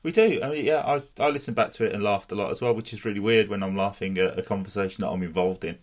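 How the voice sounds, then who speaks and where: A man in his forties co-hosting a podcast, chatting in a relaxed, rambling way. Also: lowish voice, fast. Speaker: podcast co-host. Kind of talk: casual chat.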